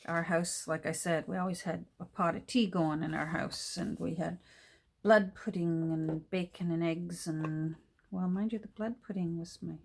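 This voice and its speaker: A woman's voice: lowish voice, steady tone, normal speed, creaky, slight background noise. A middle-aged woman from Canada chatting casually and rambling as she works on a handmade journal, often trailing off mid-sentence. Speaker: journal maker. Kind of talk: casual chat while crafting. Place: home craft table.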